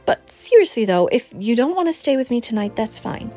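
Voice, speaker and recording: Woman reading as a lively, protective best friend. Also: a little high, fairly quick, soft background music, voice pushed up. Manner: bright, emphatic, teasing.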